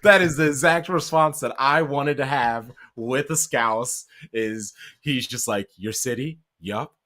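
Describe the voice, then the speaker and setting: A man hosting a stream, chatting casually and telling an animated story in which he acts out quoted lines. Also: mid-range voice, unhurried. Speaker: stream host. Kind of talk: casual chat.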